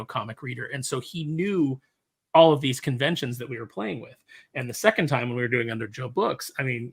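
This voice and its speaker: A man's voice: mid-range voice, a bit bright, slightly rough. A man, a comic book writer, telling work stories in a casual panel discussion over a video call, with many fillers. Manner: storytelling, quotes people in voices, many fillers.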